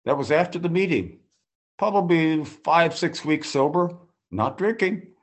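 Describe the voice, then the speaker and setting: An older man tells his recovery story to a group in a folksy, rambling way. He acts out the voices of the people he quotes and often restarts his sentences. His voice sits a little high for a man. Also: lively intonation, measured pace. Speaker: speaker sharing his story at a recovery meeting.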